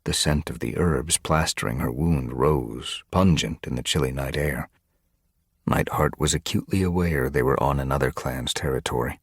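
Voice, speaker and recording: A man narrating an audiobook with steady storytelling. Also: extremely low pitch, moderate pace, gravelly, husky, no echo, studio quality. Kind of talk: scripted narration.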